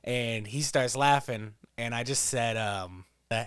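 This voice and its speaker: A man's voice: medium pitch, normal speed, hardly any pauses, a bit bright, clean tone, no room sound, studio quality. Profane joking male game streamer. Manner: profane, joking, rambling storyteller. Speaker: gameplay streamer. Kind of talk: casual gameplay commentary.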